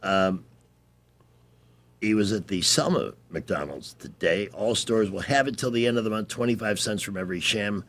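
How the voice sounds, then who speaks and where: A man's voice: fairly low pitch, moderate pace, a bit bright. A man hosting a radio talk show, chatting casually, joking and telling personal stories with animation.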